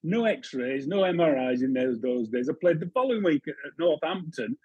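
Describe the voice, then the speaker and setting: A man's voice: on the high side, animated, normal speed, warm tone, breathy edge, no room sound, dull audio. A man in his fifties, a former goalkeeper, telling chatty football anecdotes as a podcast guest. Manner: chatty anecdotes, frequent restarts, laughing. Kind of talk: casual storytelling chat.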